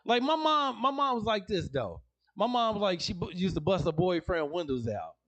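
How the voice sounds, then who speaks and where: A man's voice: high voice, big pitch swings, moderate pace, fairly bright tone. A man performing a slangy stand-up set in a comedy club, telling family stories and acting out relatives. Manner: storytelling, slangy, acts out family members.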